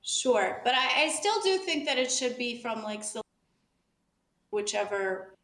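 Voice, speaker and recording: A woman's voice: on the high side, sing-song, a little slow, a bit bright. A woman chatting casually on a stream show, hedging with lots of fillers. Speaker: show regular. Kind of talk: casual chat. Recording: roomy echo.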